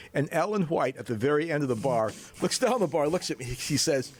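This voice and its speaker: Man in his sixties, lively pitch, chuckling storyteller, guest musician. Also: a little fast, hardly any pauses. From North Dakota, USA. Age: 60s. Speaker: guest musician, bass player. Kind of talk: storytelling anecdote in a chat.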